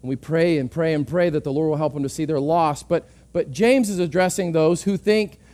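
A man's voice: fairly high pitch, a little fast, darkish tone. A male pastor preaching a sermon earnestly, often repeating words as he restarts.

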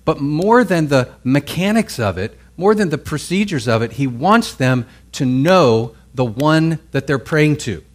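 A man's voice: fairly high pitch, animated, a little slow, hardly any pauses. A man preaching a sermon as pastor, in a conversational way, often checking in with listeners and restarting his phrases. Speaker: pastor teaching a Bible class.

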